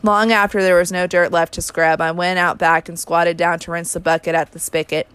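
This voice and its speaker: A woman reading a first-person novel aloud in an even, unhurried storytelling manner, recorded close to the mic. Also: on the low side, clean tone, no room sound. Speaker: audiobook reader.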